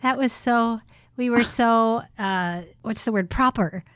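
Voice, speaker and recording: A woman's voice: fairly high pitch, measured pace, fairly bright tone, a little hiss or hum. A middle-aged woman co-hosting a podcast, chatting casually and giggling often. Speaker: podcast co-host. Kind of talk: casual chat.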